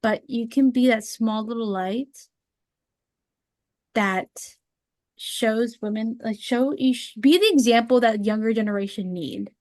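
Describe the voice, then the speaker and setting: A woman in casual podcast chat, earnest and emotional, talking in halting bursts with fillers. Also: a little high, a little mellow, dry recording, clean studio sound.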